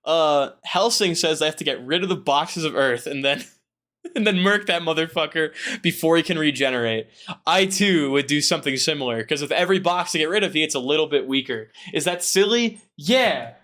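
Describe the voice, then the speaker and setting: On a casual book podcast, a male host with a slightly high, fairly bright voice talks animatedly and fairly quickly. He swears a lot and cracks jokes while summing up the chapter, voicing characters in quotes.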